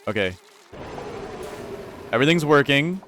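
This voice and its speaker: A man's voice: a little high, animated, unhurried, fairly bright tone. Male gameplay commentator, anxious, repeats himself, faint hiss behind. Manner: anxious, talks to his characters, repeats lines. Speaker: gaming YouTuber.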